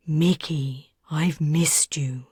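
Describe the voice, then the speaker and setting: Woman voicing a calm, gentle father. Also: deep voice, extremely slow, husky, no echo, clean studio sound, heavily acted.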